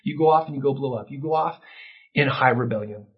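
Male pastor, husky voice, impassioned sermon delivery, slightly dull lo-fi recording. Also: medium pitch, fairly quick. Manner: impassioned, rising to near-shouting peaks. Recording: dull lo-fi sound.

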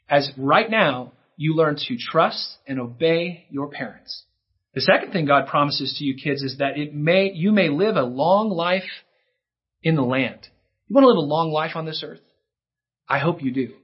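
Brief: male pastor, children's sermon, lively husky delivery, somewhat high voice, dull lo-fi sound. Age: adult. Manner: animated, acts out kids' lines in a higher voice. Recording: dull lo-fi recording.

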